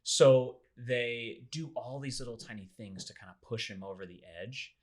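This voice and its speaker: A young man hosting a casual podcast, retelling a story in a loose, animated way with lots of fillers. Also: moderate pace. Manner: animated, acts out quoted people with big pitch jumps. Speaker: podcast host.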